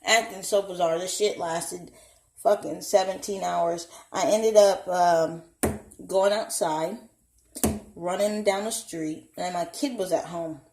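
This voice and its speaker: A woman's voice: on the low side, slow, darkish tone, slight background noise. A young woman vlogging a candid personal story at home, blunt and profane, acting out the voices of people she quotes. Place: home, indoors. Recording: echoey room.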